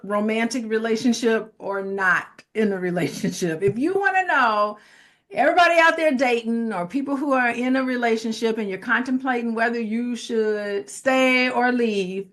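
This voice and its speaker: A woman therapist talking in a casual chat, her voice a little higher than most. She speaks firmly and directly as she gives advice. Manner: firm, advice-giving. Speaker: therapist, co-host. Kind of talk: casual conversation.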